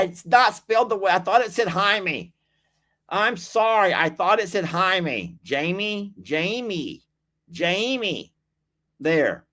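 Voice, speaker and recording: A man's voice: high-pitched, fairly bright tone. A man hosting a casual livestream, chatting, reading viewer comments aloud, laughing often and teasing. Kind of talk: casual live-stream chat.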